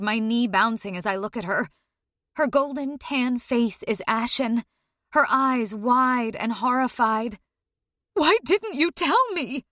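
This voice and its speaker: A woman reading a dark first-person story aloud, tense and emotional, dropping low at grim moments. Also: no room sound, clean studio sound. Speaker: audiobook narrator.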